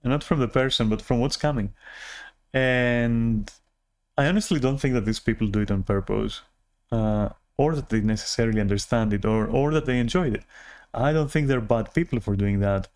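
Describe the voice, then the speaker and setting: A man's voice: medium pitch, moderate pace, darkish tone. A man vlogging a rambling personal rant, frustrated and profane, often restarting his sentences.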